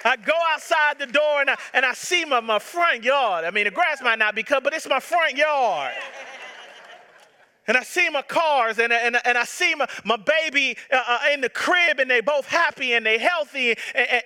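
A man's voice: extremely high pitch, expressive, normal speed, bright, forceful tone. A man in his thirties, a pastor preaching a sermon with impassioned, emphatic repetition. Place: church sanctuary. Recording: long reverb of a large hall.

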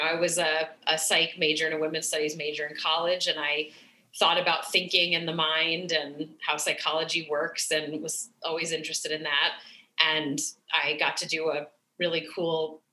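Bright-voiced woman in an echoey room. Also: low voice, little pitch movement, a little slow. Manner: warm, reflective, many fillers. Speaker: guest, sex therapist. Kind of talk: podcast interview.

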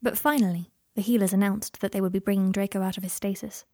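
A woman reading a story aloud in a soft-spoken way that often drops into whispers. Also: mid-range voice, fairly even intonation, fast talker, dry recording, studio quality. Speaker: reader. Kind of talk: reading fan fiction aloud.

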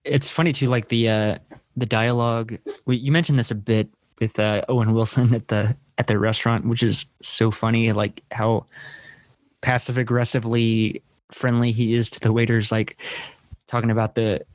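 Male podcast co-host, mid voice, dry close sound, animated and loose. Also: mid-range voice, moderate pace, no room sound. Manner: animated, laughing, swearing, acts out movie lines. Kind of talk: casual film-discussion chat.

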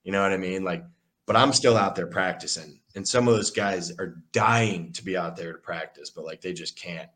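A young man, a college football player, telling animated, profane stories with lots of fillers in a casual interview. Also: low-pitched, moderate pace. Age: young adult. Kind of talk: casual storytelling.

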